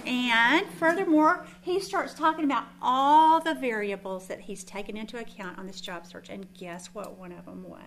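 Lady teacher in her 50s, chatty and self-mocking, bright voice, talks to the group like friends. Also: fairly high pitch, moderate pace, few pauses. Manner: chatty, self-deprecating storytelling with frequent restarts. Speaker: Bible teacher. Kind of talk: informal sermon to a group.

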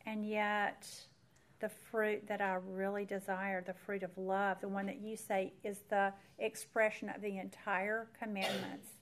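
A woman's voice: mid-range voice, level tone, unhurried, slight background noise. A woman, earnestly telling a personal faith story to an audience as a Bible teacher. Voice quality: earnest storyteller who speaks straight to the audience. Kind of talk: personal faith testimony talk.

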